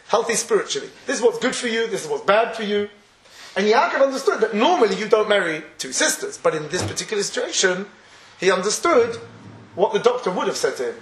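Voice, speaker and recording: A man's voice: high-pitched, a bit bright, roomy sound. A man giving a Torah class, conversational and chuckling often as he acts out everyday scenes. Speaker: Torah teacher.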